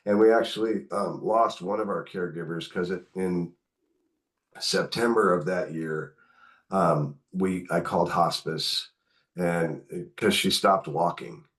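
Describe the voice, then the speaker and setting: Middle-aged male podcast guest, low voice, candid and animated storyteller. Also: measured pace. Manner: candid, animated retelling with quoted dialogue. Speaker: podcast guest, author and caregiver. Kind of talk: conversational storytelling.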